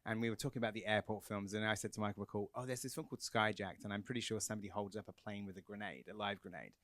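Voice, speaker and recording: An English man, a film director, telling lively anecdotes at a cinema Q&A, quick and laughing. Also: on the low side, dry recording. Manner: quick, chatty, laughing storyteller. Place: cinema Q&A on stage.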